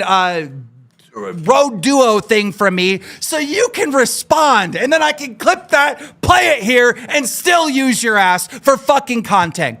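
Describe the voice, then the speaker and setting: A man hosting a live stream, ranting furiously with constant swearing and shouting. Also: very high-pitched. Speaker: show host. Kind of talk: angry live-stream rant.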